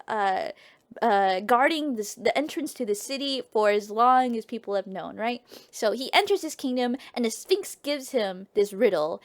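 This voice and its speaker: Young female streamer, lively storyteller, high bright pitch, swinging all over. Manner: playful, profane, trailing off and restarting. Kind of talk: casual comedic storytelling to a live chat.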